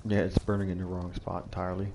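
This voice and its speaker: A man's voice: deep voice, completely flat delivery, quick pace. A man hosting his own gaming channel, giving casual commentary on a survival game with dry, wry asides. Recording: noisy home recording.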